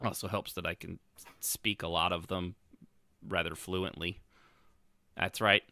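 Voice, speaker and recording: A man's voice: low voice, steady tone, moderate pace, vocal fry, sharp tone. A man co-hosting a podcast, chatting casually and rambling with many restarts. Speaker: podcast co-host. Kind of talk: casual chat about roleplay.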